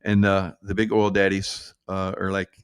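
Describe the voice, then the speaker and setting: Male vlogger, rambling political rant, sarcastic and profane with frequent chuckles, deep-ish voice, dry room. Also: completely flat delivery, normal speed, smooth, no echo. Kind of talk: rambling off-the-cuff monologue.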